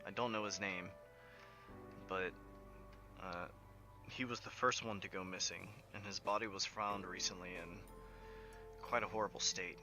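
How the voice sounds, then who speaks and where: A man voicing a grieving, weary female shopkeeper who speaks politely and hesitantly, with halting restarts. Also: low-pitched, steady tone, bright, forceful tone, exaggerated voice. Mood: fearful. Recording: background music under the voice.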